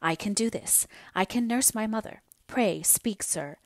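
A woman's voice: medium pitch, unhurried, dry recording, lightly acted. Woman reading as an anxious young daughter. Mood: earnest, insistent. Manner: pleading, then breaking into tears. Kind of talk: audiobook character reading.

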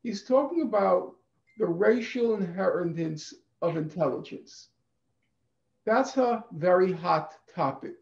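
A man giving a deliberate, emphatic conference talk over a video call, repeating phrases for stress. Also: sits high, gravelly, a little mellow. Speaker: conference speaker. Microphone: computer mic on a video call. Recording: echoey, dull video-call audio.

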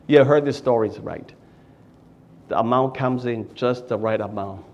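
A man preaching a sermon with passion, swinging from loud exclamations to hushed asides and often repeating words. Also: mid-range voice, normal speed, highs cut off, a little hiss or hum. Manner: repeats words and restarts phrases. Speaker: pastor.

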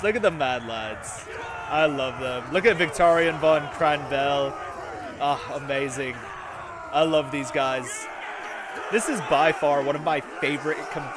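A man's voice: mid-range voice, noisy background. A man playing a strategy game as a ranger commander, commenting in character in a put-on accent and calling his troops lads. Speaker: gamer roleplaying a ranger commander.

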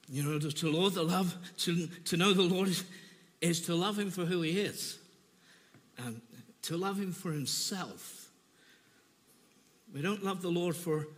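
A man delivers a sermon in a church, his voice pitched high and bright. He speaks with deep feeling, often restarting and repeating phrases as he tells his own story. The recording carries the long reverb of a church hall. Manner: emotional, personal testimony with repetitions. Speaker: preacher.

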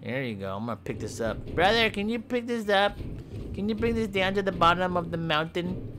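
A man giving goofy, trash-talking gameplay commentary with sudden high yelps and shouts. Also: expressive, fairly quick, noisy background. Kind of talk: comedic let's-play commentary.

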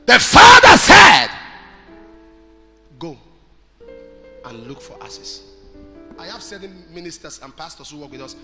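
A Nigerian-accented male preacher with a high, very lively voice that leaps from shouting to near-murmuring. His sermon rings through a big hall with a long echo, and music plays underneath. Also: moderate pace, long pauses. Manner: swings from shouting to soft storytelling, asks the crowd questions. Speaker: pastor. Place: church hall. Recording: large hall with reverb and music behind.

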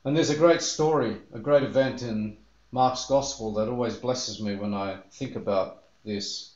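A man's voice: mid-range voice, a little slow, darkish tone, reverberant, dull audio. A man preaching a sermon as pastor, earnest and telling the story with feeling. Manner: earnest, acts out the disciples' voices in quotes.

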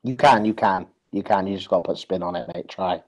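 A man's voice: deep voice, brisk, highs cut off. A young man streaming a game, swearing and teasing his opponent in casual banter.

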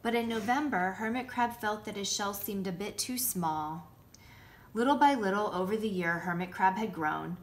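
A nursery school teacher, a woman, reading a picture book aloud to children with lively asides. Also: mid-range voice, moderate pace. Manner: warm, lively storytelling with asides showing pictures.

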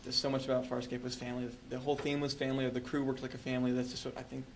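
Fast-talking joking male interviewer. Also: medium pitch, level tone, a little hiss or hum, poor audio. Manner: eager and joking. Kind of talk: casual interview chat.

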